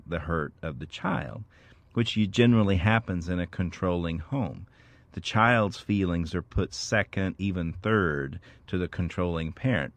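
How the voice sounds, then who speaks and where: Man, very low voice, dry close sound, earnest, explains with everyday examples, faith-based talk show co-host. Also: dry recording. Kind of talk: reflective faith-based discussion.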